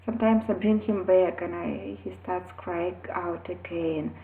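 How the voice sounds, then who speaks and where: A woman, a mother, earnestly telling her own story and giving parenting advice, acting out quotes with sudden loud and whispered shifts. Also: fairly low pitch, a little slow. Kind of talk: personal advice vlog. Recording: echoey, phone-like audio.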